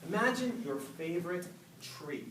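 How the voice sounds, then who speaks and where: Animated man giving a club speech. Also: sits high, unhurried. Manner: animated, storytelling, laughs with the audience. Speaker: Toastmasters speaker. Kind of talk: public speech. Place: meeting room with a live audience. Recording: echoey room, mic from far off, faint noise.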